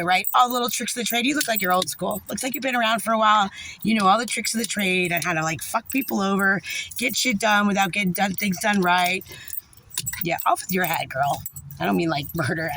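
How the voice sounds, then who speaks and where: An angry woman rants straight to camera, swearing freely. Her voice is raspy and gravelly, with a bright, sharp edge. A faint hiss of noise sits under the recording. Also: mid-range voice. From New Jersey. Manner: angry, profane, fast when passionate. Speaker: parent venting about a social services agency. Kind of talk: profane ranting vlog.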